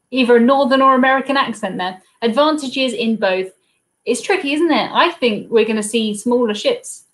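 A young woman with a Southern English accent hosting a casual live cruise Q&A stream from her home desk, chatting and answering viewers. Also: a little high. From south coast of England. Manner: chatty, reads viewer comments aloud, coos at her dog.

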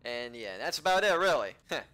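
A man giving casual let's-play commentary, rambling to himself with frequent restarts, swearing and sudden excited outbursts. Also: mid-range voice, fairly quick.

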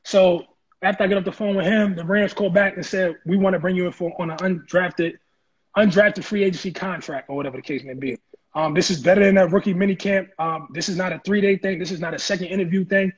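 A man telling his story in an interview, animated and acting out the voices of people he quotes. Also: high-pitched, fast talker, breathy edge, highs cut off. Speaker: interview guest, former football player. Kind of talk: casual storytelling.

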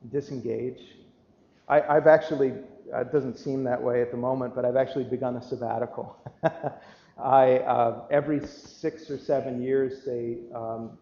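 A pastor with a mid-range, dark-toned voice preaches a sermon in a church sanctuary, telling a story conversationally with many restarts. The recording is an echoey church livestream with a dull, lo-fi sound.

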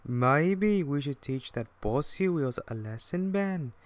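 A man voicing a cheeky, mischievous male twin tank engine who speaks in a high, teasing way. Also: animated, slow, no room sound.

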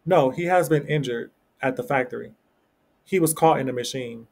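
A man's voice: medium pitch, normal speed, darkish tone, lightly acted. A man reading the lines of a nervous factory messenger in a storybook, in his own plain voice.

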